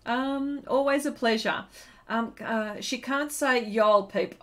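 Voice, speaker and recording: Slow-talking giggly woman streaming art. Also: fairly high pitch, a bit bright. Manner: chatty, giggly, reads chat aloud. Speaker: artist hosting a live painting stream. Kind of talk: casual live-stream chat while painting.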